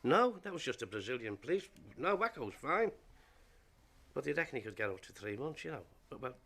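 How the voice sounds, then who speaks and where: An actor playing a grumbling dad who rants indignantly and talks on the phone. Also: male voice, medium pitch, very animated, a little fast, fairly bright tone. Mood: glum.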